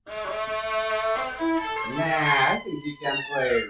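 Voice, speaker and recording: A man teaching a one-on-one violin lesson, direct and demanding, giving quick commands between a student's playing. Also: a little high, huge pitch swings, loud music behind the voice. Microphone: far camera. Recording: echoey room from far off, loud violin.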